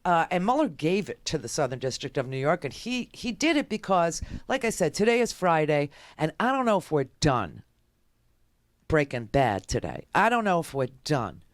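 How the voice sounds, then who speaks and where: A woman's voice: low-pitched, big pitch swings, moderate pace, dry recording. A woman talk radio host giving a sarcastic, ranting political monologue.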